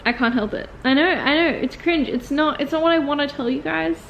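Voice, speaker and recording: A young woman in her twenties chatting straight to camera, her voice sitting a little high. She rambles in a relaxed, confessional way, full of "like" fillers. The recording sounds slightly dull and lo-fi, with a faint hiss behind her. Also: brisk, creaky. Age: 20s. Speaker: vlogger and acting student. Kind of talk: casual confessional vlog talk.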